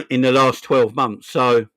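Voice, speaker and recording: A man in his forties with a South London accent, hosting a casual football livestream, rambling and chatty, giving viewers shout-outs. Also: mid-range voice, big pitch swings, slow pace, dry recording, clean studio sound. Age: 40s. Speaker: football channel host.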